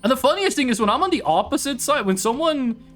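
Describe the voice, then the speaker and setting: A young man from Scandinavia streaming a game, joking and teasing his chat in casual banter. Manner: animated, quick swings in pitch.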